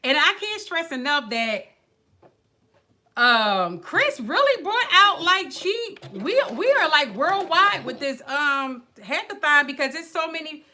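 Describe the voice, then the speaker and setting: A woman from the northern US hosting a casual sewing livestream, chatting in a rambling, animated way and calling her viewers y'all and child. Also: high voice, slow pace. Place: home sewing room.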